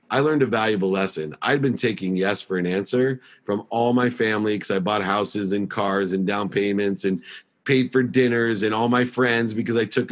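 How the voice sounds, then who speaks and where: A middle-aged man telling his life story as an interview guest, emphatic and animated. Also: lowish voice. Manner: emphatic, acts out past dialogue in a raised voice.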